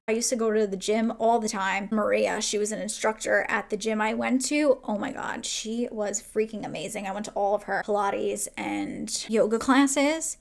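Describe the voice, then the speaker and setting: A young woman chats as she does her makeup at home. She rambles from topic to topic, filling her sentences with "like". Her mid-pitched voice carries a gravelly, vocal-fry texture. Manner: chatty, rambling, peppered with "like". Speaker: beauty vlogger. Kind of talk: casual chat while doing makeup. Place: home, getting ready.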